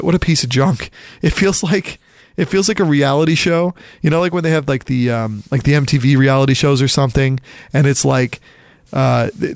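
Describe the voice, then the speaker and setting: A man from the Philadelphia area chatting casually about college basketball, rambling and animated, often acting out quotes. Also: a little high, dry recording. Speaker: podcast co-host. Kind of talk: casual sports chat.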